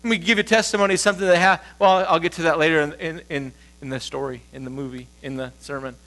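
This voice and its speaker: Male pastor, high-pitched, casual storytelling sermon, light electrical hum behind. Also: fairly even intonation, fast talker, bright, forceful tone. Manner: conversational storytelling, acting out quoted voices. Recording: low mains hum.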